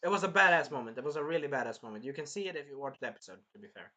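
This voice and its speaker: A man casually reviewing an anime episode, animated and swearing freely as he acts out the characters' lines. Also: mid-range voice, racing, lo-fi sound.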